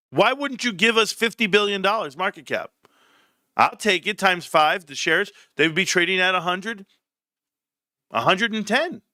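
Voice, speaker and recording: A man hosting a casual livestream from home, talking in an animated, rambling way with casual swearing. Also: high voice, no echo, studio quality. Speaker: livestream host.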